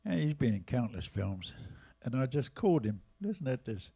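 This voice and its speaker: A man in his eighties with an English accent, casually telling jazz stories at a live museum event, lively and animated in his retelling. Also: mid-range voice, moderate pace, creaky, husky. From England. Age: 80s. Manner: lively, animated retelling with raised voices for quotes. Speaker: jazz drummer and storyteller guest. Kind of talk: casual anecdotal storytelling.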